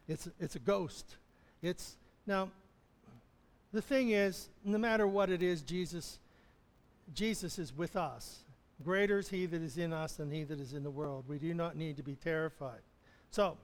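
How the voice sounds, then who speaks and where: High-voiced man preaching in a reverberant church. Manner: conversational, chuckles often, restarts phrases. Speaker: pastor. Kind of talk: sermon.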